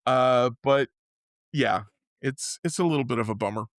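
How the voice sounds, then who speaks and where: A man co-hosting a podcast, chatting casually and excitably, often restarting and interrupting himself. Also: medium pitch, moderate pace, no room sound, clean studio sound. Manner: rambling, self-interrupting, excitable. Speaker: podcast co-host. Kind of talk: casual chat.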